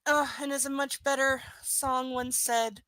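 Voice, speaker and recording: A woman's voice: sits high, steady tone, measured pace, sharp tone, dry recording, poor audio. A woman hosting a casual livestream from home. She coos baby talk at her dog and jokes sarcastically about the book she is reading. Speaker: livestream reader and host.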